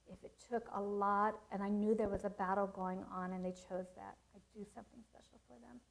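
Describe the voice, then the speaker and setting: Speaking fairly quickly with a gravelly, mid-range voice and fairly even intonation, a middle-aged woman leads a parenting seminar on a rough recording. She teaches earnestly through personal anecdotes, acting out what people said.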